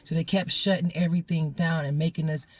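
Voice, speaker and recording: Woman telling her own story, lively and chatty, laughs a lot, repeats herself. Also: deep voice, brisk. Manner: animated, laughs often, repeats phrases. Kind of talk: casual personal storytelling.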